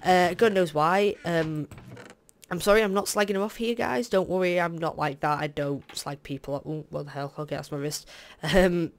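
Rambling guy with a smooth voice. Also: on the high side, moderate pace. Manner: rambling and hesitant, full of fillers, candid asides. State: tired, yawning. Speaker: Let's Play host. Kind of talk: casual gameplay commentary.

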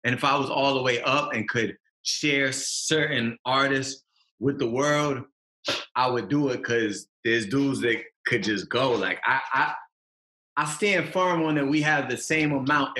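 A man's voice: medium pitch, a little slow, pushed and bright, echoey room. A young man, a rapper talking in a casual podcast interview, emphatic and slangy, hammering his points home. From Massachusetts. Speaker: rapper guest.

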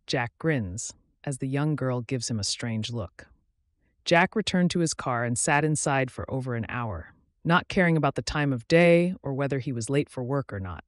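Man reading a story, steady and measured. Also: mid-range voice, dry recording, studio quality. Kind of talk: audiobook narration.

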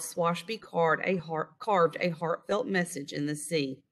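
A woman reading a children's picture book aloud in an expressive storytelling manner, recorded over a screen share. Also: sits low, measured pace. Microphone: online screen-share recording.

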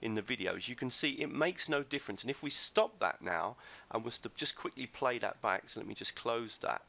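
A man's voice: medium pitch, expressive, fairly quick, creaky, bright, forceful tone. A man giving a chatty, enthusiastic screencast tutorial as a teacher trainer, recorded on a computer microphone. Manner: chatty, enthusiastic explaining with loose restarts.

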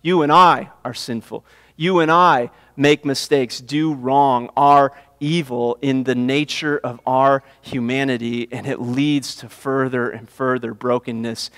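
A man's voice: mid-range voice, steady tone, a little slow, fairly bright tone, in a large hall. A man preaching a sermon as pastor, building to impassioned emphasis and repeating his phrases. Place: church sanctuary.

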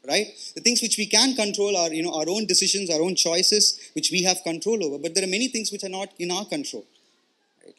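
A man preaching a sermon in an earnest, conversational way. His voice sits somewhat high and sounds bright and forward. He keeps checking in with his listeners and often repeats words as he explains. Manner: earnest, explanatory, with frequent "you know" and "right?" check-ins and repeated words. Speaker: pastor.

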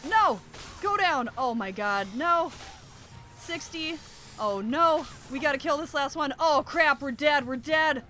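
A woman's voice: sits high, expressive, slow, bright, forceful tone, a little hiss or hum. A young woman commenting on her survival game playthrough, shrieking in panic at danger and chatting casually in between. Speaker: gaming YouTuber. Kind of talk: let's play commentary.

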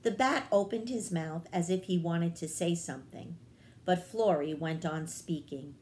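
A woman, a children's librarian, narrating a storybook aloud in a calm, measured way. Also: on the low side.

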